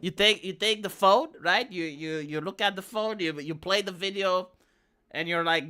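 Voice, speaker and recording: A man's voice: high voice, normal speed, pushed and bright, smooth. A man live streaming, talking casually and sarcastically to his chat with frequent stammered restarts. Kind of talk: casual rambling stream talk.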